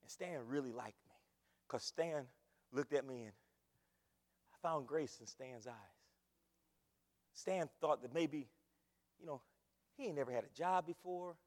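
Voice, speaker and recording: Pastor, male, fairly high voice, emphatic repetitive preaching, long church-hall reverb. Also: measured pace, pauses often. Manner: emphatic, repetitive preaching with big swings in loudness. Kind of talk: sermon.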